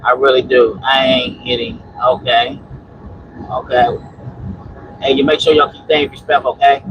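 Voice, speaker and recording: A man's voice: mid-range voice, little pitch movement, moderate pace, lo-fi sound, noisy background. A man hosting a casual trucker livestream from a truck cab, preaching about preparing and answering chat in a rambling, repetitive way on a phone mic. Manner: rambling with many restarts and "you know". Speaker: trucker and homesteading livestream host.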